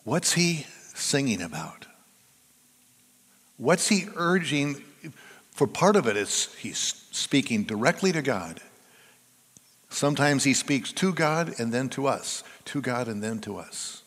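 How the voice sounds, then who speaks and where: A man's voice: medium pitch, very animated, takes it slowly, fairly bright tone. A male pastor preaching a conversational sermon in a church, putting questions to the congregation. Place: church sanctuary. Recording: reverberant church hall.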